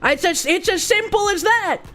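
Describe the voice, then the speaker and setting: High-voiced, blunt, profane woman streamer. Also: animated, moderate pace, a bit bright, faint music behind. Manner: thanks chat for subs mid-rant. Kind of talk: livestream reading and reacting to news.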